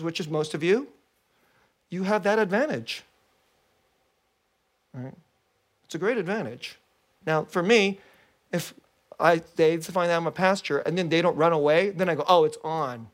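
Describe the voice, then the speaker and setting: A pastor giving a sermon in an animated, conversational storytelling manner. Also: medium pitch.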